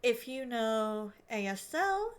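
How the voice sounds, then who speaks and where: A woman's voice: fairly high pitch, sing-song, takes it slowly. A woman from Arizona chatting casually on a live stream while she crochets, self-deprecating and restarting her sentences often. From Arizona, USA.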